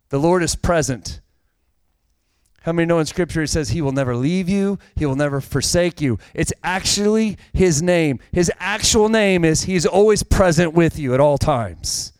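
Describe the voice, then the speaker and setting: A man's voice: on the high side, moderate pace, a little mellow, clear, resonant tone, dry recording. A man preaching a sermon, with a casual, conversational manner and direct questions to the congregation. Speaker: pastor.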